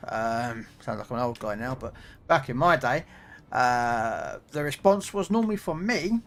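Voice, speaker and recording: A man's voice: mid-range voice, lively intonation, moderate pace, vocal fry, a bit bright. A middle-aged British man streaming a game, chatting casually in a rambling way full of fillers and restarts. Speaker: gaming streamer. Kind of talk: casual chat.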